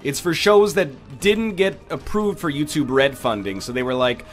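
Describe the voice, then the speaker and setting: A man's voice: a little high, normal speed, few pauses, faint music behind. A man with a congested, nasal voice, giving rambling, jokey commentary as he plays a game. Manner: rambling, jokey, tangent-prone. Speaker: gaming YouTuber. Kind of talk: let's play commentary.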